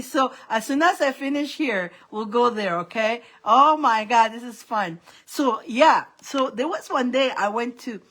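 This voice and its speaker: A woman's voice: fairly high pitch, fairly bright tone. A middle-aged woman hosting a casual live stream of psychic readings, rambling and laughing often. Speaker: psychic reader and live host.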